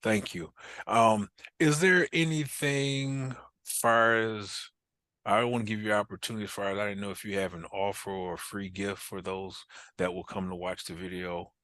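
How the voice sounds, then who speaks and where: A man's voice: on the low side, fairly even intonation, moderate pace, a bit bright, no echo. A man hosting an interview, speaking politely with slight hesitations. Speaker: interview host.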